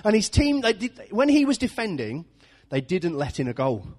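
A man's voice: high-pitched, very animated, normal speed, a little mellow. A man preaching an informal sermon, chatty and self-deprecating, often laughing at his own stories. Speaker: pastor. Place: church hall. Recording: echoey church hall.

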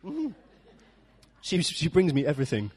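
A man's voice: a little high, huge pitch swings, normal speed, darkish tone, husky. A man preaching an informal sermon, chatty and self-deprecating, often laughing at his own stories. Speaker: pastor. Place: church hall. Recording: echoey church hall.

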